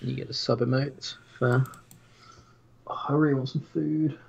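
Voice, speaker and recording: Laid-back man with a gravelly, husky voice. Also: mid-range voice, little pitch movement, measured pace, a little mellow. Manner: laid-back, mumbling asides while reading chat. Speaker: stream co-host. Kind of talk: casual stream chat. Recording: dull lo-fi stream mic.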